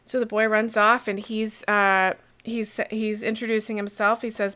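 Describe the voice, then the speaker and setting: A woman game master narrating a tabletop game in a lively, rambling way with many fillers. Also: mid-range voice, normal speed, few pauses.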